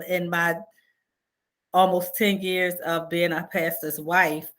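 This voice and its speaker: A pastor's wife giving a heartfelt testimony on a video call. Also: female voice, lowish voice, a bit bright. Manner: heartfelt, storytelling.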